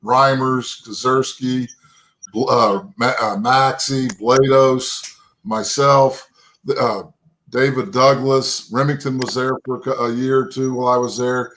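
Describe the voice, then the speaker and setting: Speaking at an unhurried pace, the man has a medium-pitched, somewhat bright voice with fairly even intonation, captured in a low-quality recording. He's a fifty-something Texan and ex-pro football lineman, guesting in an interview with rambling, folksy tales full of "you know" and "right?"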